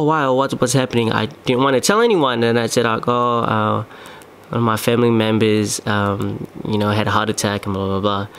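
A man's voice: lowish voice, creaky, a bit bright. A young man, hosting a solo podcast and telling a personal story casually, with lots of fillers and restarts. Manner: rambling, many fillers and restarts. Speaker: podcast host. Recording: faint background noise.

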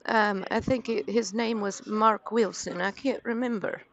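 A woman's voice: mid-range voice, steady tone, unhurried, fairly bright tone. A woman putting on the voice of a timid, confused elderly woman caller who hesitates and frets over her words. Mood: worried. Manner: hesitant, worried, fumbling for words. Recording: muffled lo-fi stream audio.

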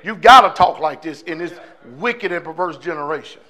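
High, bright-voiced fiery preacher man. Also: a little fast. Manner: fiery, conversational preaching with rhetorical questions. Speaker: pastor. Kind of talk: preaching a sermon.

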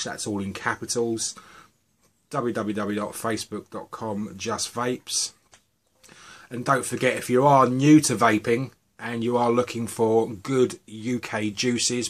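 A middle-aged man from the UK, chatting casually and rambling a little as he reviews vape juices. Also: lowish voice. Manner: chatty, relaxed, rambling asides.

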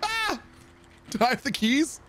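Guy doing a loud foul-mouthed gal, all over the place pitch-wise, cussing and freaking out in an rpg stream. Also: big pitch swings, measured pace, background noise, full character voice. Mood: frantic. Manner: frantic, shrieking and cursing. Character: brash foul-mouthed young woman outlaw. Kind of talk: roleplay gaming stream.

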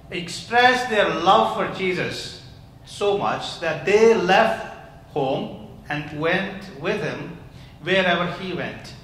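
High-voiced male minister in an echoey church. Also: a bit bright, slight background noise. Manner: interactive, questioning the congregation. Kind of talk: children's talk in church service. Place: large church hall.

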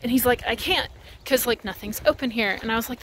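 A woman's voice: on the high side, brisk, fairly bright tone, a little hiss or hum. Chatty young woman vlogging outdoors. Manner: chatty, rambling, heated, lots of "like". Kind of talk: casual vlog chat while walking. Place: outdoors, walking.

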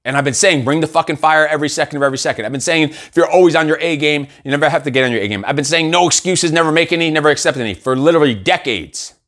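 A man's voice: on the high side, very fast, few pauses, a bit bright. A man hosting a motivational show, delivering a profane, intense monologue with many repeated exhortations. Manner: intense, swearing, repetitive exhortations. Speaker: host and coach.

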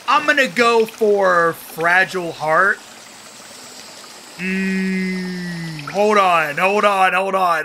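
A man playing a video game and commenting excitedly, talking to himself as he goes. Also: high voice, very slow, a little hiss or hum. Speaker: gaming YouTuber. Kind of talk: let's play commentary.

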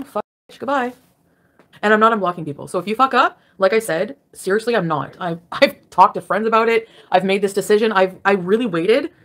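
A woman's voice: on the low side, fairly bright tone. A woman ranting sarcastically and profanely during a casual livestream from her bed at home. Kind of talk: angry casual livestream rant.

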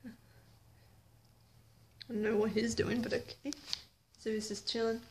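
A woman's voice: a little high, little pitch movement, unhurried, darkish tone. A woman filming a casual vlog, greeting her animals in sing-song baby talk. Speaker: vlogger greeting her pets. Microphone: handheld camera. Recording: noisy outdoor camera audio.

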